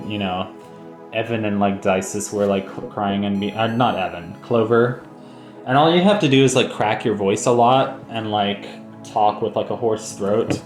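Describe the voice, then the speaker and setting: A man's voice: on the low side, roomy sound. A man hosting a let's play, chatting in a rambling, joking way full of fillers. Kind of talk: casual gameplay commentary.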